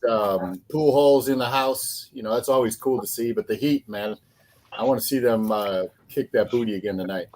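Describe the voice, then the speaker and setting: A man with a mid-range voice chats about sports on a podcast in a relaxed, joking way. He talks loosely, with fillers and casual phrasing. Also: mid-range voice, normal speed. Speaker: podcast co-host.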